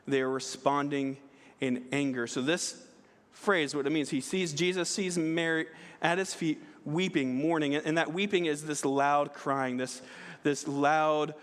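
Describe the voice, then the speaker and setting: In a church sanctuary, a pastor with a fairly high, smooth voice gives a conversational sermon. He restarts often and checks in with a "right?", while the hall's long reverb trails after his words.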